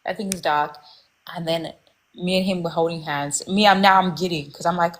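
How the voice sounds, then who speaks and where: A woman's voice: fairly low pitch, fairly even intonation, fairly quick. Candid rambling young woman storyteller. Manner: rambling, candid, full of fillers and restarts. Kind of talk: casual storytelling chat.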